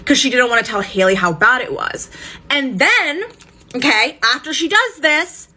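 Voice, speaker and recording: A woman tells a story in a casual, emphatic way, cursing and sounding indignant. Her voice is high and bright, with a husky, breathy edge. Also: expressive, normal speed. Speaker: storytime vlogger.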